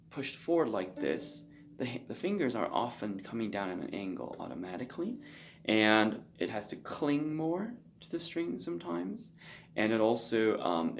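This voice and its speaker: A man giving a spoken violin lesson, loose and conversational, often checking in with a quick "okay?". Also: lowish voice, creaky, slight background noise. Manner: loose and conversational, frequent ums and check-in okays. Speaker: violin teacher. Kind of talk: spoken instruction with demonstration.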